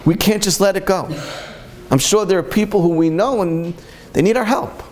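A man's voice: high voice, moderate pace, a little mellow. A man giving a storytelling sermon as a Torah speaker, impassioned and full of repeated rhetorical questions.

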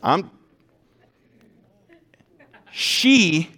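A male pastor delivers a sermon in a notably high voice. He swings between loud, emphatic declarations and hushed intensity. Along the way he slips into casual, self-deprecating stories. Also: big pitch swings, drawn-out words. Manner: conversational storytelling with self-deprecating humor.

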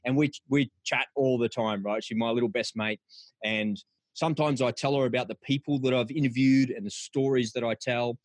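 A man's voice: mid-range voice, steady tone, normal speed, no echo. A middle-aged man, hosting a podcast in an encouraging, chatty way. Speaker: podcast host. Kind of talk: casual podcast chat.

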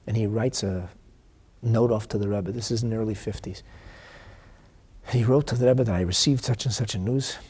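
A man teaching a religious lesson, emphatic, swinging between loud declaiming and hushed whispers, often asking rhetorical questions. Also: fairly low pitch, normal speed, long pauses, slightly rough. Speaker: Torah teacher.

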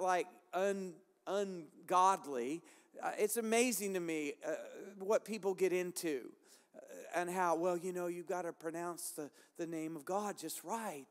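A man's voice: sits high, smooth. A male pastor preaching a sermon with an impassioned, repetitive cadence. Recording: long hall reverb.

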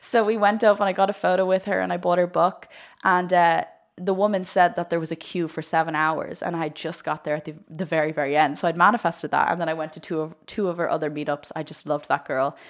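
A young woman hosting a spiritual podcast, chatting casually in a rambling, gushing, excitable way. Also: on the low side, fast. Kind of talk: casual livestream chat.

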